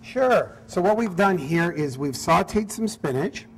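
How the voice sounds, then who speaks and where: A man's voice: high-pitched, animated, unhurried, a little hiss or hum. A man who is a chef, talking through a cooking demonstration in an upbeat, easygoing way. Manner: upbeat, easygoing, apologetic when teased. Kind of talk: cooking demo chat.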